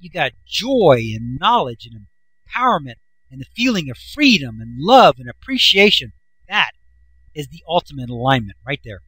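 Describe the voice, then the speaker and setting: Lively high-voiced folksy man. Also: dry recording, poor audio. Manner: folksy, enthusiastic, swings his voice up and down for emphasis. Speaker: self-help author. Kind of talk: casual explanatory talk.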